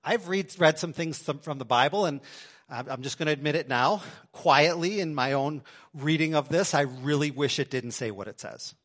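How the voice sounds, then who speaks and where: A man preaching a sermon to his congregation in a church, swinging between loud emphasis and quiet asides. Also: a little high, moderate pace. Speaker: pastor. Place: church sanctuary.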